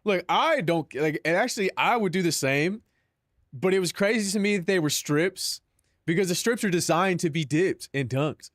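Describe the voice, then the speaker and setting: A man's voice: high-pitched, expressive, normal speed, a bit bright, no room sound, studio quality. A young man chatting casually on a live stream, joking and mock-dramatic with lots of filler words.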